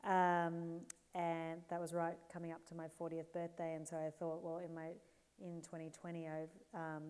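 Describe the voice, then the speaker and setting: Animated Australian woman telling stories. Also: low voice. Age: 40s. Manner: animated, laughing, with playful voices. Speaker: guest author. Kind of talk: candid storytelling on stage. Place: live event stage.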